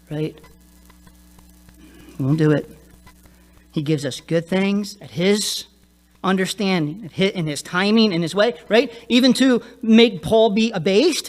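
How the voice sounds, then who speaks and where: A middle-aged male pastor preaching a sermon in a conversational way, often checking in with the congregation. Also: high voice. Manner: conversational, laughs often, frequent "right?" tag.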